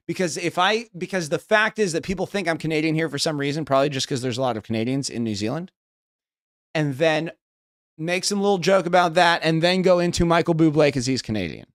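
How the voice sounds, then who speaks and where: Young man, West Coast American accent, casual streamer chat, rambling and profane, fairly high voice. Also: a bit bright, dry recording, clean studio sound. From United States. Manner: rambling, swearing, thinking aloud while reading chat.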